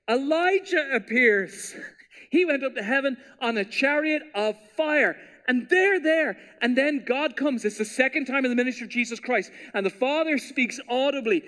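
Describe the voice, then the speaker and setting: Animated high-voiced male preacher. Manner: animated storytelling preacher, acts out quotes with playful voices. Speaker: pastor. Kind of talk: sermon.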